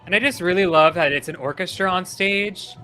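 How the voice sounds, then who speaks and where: A man's voice: sits high, fairly quick, sharp tone, soft background music. A man co-hosting a casual live stream chat, eagerly picking apart camera shots and staging in detail. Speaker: stream co-host.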